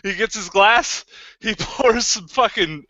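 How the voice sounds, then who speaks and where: A man's voice: sits high, slow, bright, forceful tone, no room sound. A man co-hosting a podcast, telling rowdy stories with laughs and swearing, voicing the people he quotes. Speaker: podcast co-host. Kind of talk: casual drunk storytelling chat. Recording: muffled lo-fi podcast mic.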